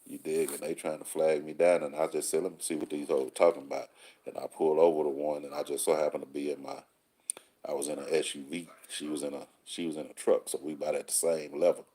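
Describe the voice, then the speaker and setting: Man, very deep voice, mellow dark tone, laid-back slang, call-in host. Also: flat delivery, quick pace, husky. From Texas. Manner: laid-back street slang, rhyming sayings. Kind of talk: casual monologue answering listeners.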